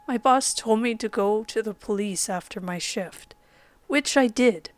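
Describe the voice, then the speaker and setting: Slow, higher-voiced woman narrating horror. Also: dry recording. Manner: measured, dramatic reading that drops to a whisper at times. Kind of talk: scripted horror story narration. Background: faint background music.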